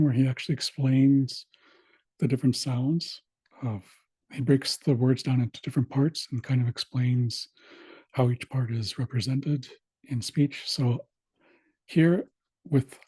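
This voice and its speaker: A man teaching an online language class, walking through old dictionaries in a plain, steady way with frequent pauses and fillers. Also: mid-range voice, breathy edge, no echo. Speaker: language instructor. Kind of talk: online class screen-share walkthrough.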